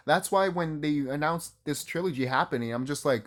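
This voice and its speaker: A man's voice: a little high, normal speed, few pauses. A man ranting casually about video games, heated and sarcastic, swearing often and repeating himself. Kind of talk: casual rant to camera.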